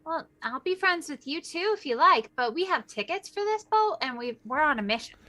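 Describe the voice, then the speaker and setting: A woman's voice: sits high, lively intonation, a little fast, pushed and bright. A woman speaking politely and cheerfully as her character in a tabletop game. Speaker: player. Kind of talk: in-character role-play.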